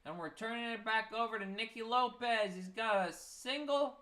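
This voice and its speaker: A man's voice: high voice, moderate pace, pushed and bright. A young man giving casual live baseball play-by-play, tired and yawning, with self-mocking asides between the calls. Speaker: play-by-play streamer.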